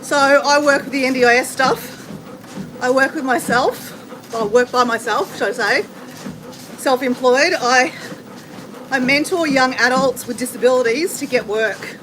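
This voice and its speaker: A high-pitched Australian woman, middle-aged, chats with her viewers while walking on a treadmill. She answers their comments in a casual, friendly flow and sounds a little effortful from walking. Background noise sits clearly behind her. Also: unhurried, a bit bright. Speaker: livestream host. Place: home with renovation banging. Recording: noisy background with banging.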